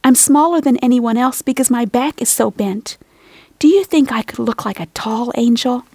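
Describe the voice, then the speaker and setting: A woman's voice: on the high side, moderate pace, darkish tone, husky, no room sound. A woman doing a small, timid hunchbacked girl. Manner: small, pleading, breaking with tears. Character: small shy hunchbacked schoolgirl, timid and hopeful. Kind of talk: storybook reading.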